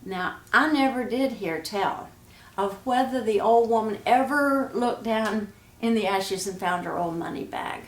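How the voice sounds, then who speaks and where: Slow, homespun woman storyteller. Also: medium pitch. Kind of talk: folk storytelling narration. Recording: roomy echo.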